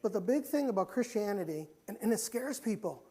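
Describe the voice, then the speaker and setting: A man's voice: sits high, expressive, a little fast, warm tone. Impassioned male preacher. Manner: impassioned, repetitive preaching with stories. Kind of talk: sermon. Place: church sanctuary.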